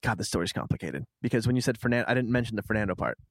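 A man casually telling a long personal story as a guest, chatty and animated, acting out what people said. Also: lowish voice, racing, dry recording. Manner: chatty, animated retelling with quoted asides. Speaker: podcast guest.

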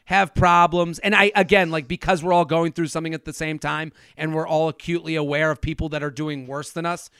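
Man, comedian guest, smooth resonant voice, casual storytelling, keeps cutting himself off. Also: fairly high pitch, level tone, brisk, hardly any pauses, a bit bright, no echo, studio quality. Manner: rambling, self-interrupting, laughing often.

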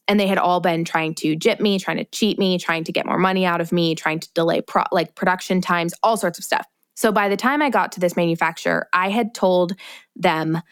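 A woman's voice: on the low side, dry recording, studio quality. A woman co-hosting a podcast, casually telling a story and acting out the voices of the people in it. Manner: animated storytelling, acts out quoted voices. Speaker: podcast co-host.

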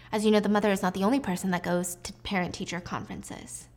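A woman casually retelling a television drama in a chatty, animated way, with jokey asides. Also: mid-range voice, quick pace, hardly any pauses. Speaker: drama recap host. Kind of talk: casual drama recap storytelling.

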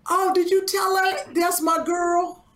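A woman co-hosting a talk show, chatting in a relaxed way with many fillers. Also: very high voice, slow. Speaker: co-host. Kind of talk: casual chat.

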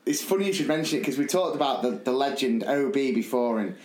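A man's voice: mid-range voice, quick pace. Laughing man telling a story. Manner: animated, laughing storyteller, rambling with restarts. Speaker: podcast host. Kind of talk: casual storytelling chat. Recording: echoey room.

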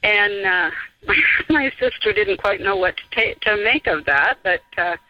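A caller in their fifties, hesitantly telling a personal ghost story with many pauses and fillers. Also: mid-range voice, dry recording. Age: 50s. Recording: dull phone line.

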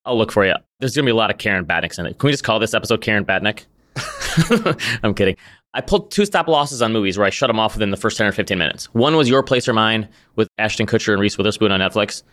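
A man co-hosts a relaxed podcast, talking fast and easily. He chuckles often between points. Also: lowish voice. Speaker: podcast co-host. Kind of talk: casual chat.

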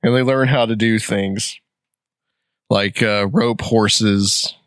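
A man's voice: lowish voice, steady tone, slow pace, fairly bright tone, dry recording, studio quality. A man co-hosting a casual podcast, joking, drifting into tangents and laughing often. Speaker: podcast co-host. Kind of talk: casual chat.

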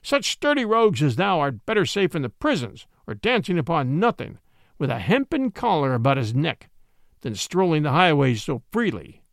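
A dry, sour-voiced miser, thin and wizened, snarling his scorn at everyone he meets, as a male storyteller puts him on. His gravelly tone swings widely as he scolds, and the close, dead recording keeps every sneer near. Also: on the high side, very animated, normal speed, no room sound. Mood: scornful.

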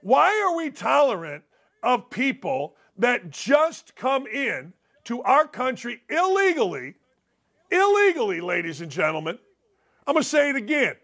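High-pitched ranting talk show man. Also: big pitch swings, moderate pace, fairly bright tone. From United States. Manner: combative, ranting, repeats points for emphasis. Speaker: sports talk show host. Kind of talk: opinionated monologue.

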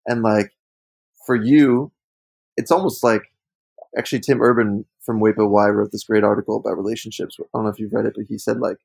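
Gravelly-voiced man in frank podcast talk. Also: lowish voice, a little mellow, no room sound, rough recording. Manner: reflective, frank, many "like" fillers. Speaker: podcast co-host. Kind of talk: casual podcast chat.

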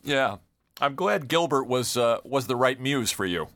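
A man's voice: mid-range voice, lively intonation, unhurried, a bit bright, no echo. A man co-hosting a podcast, asking questions and laughing often in casual chat. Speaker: podcast co-host.

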